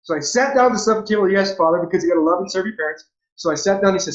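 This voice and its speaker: Man, forties, from southern california, high voice, earnest, repeats himself, heartfelt interview guest, muffled lo-fi sound. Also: racing, echoey room. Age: 40s. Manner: earnest and repetitive, restarts phrases. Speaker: interview guest, former pro baseball player. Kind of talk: heartfelt personal storytelling. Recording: dull lo-fi audio.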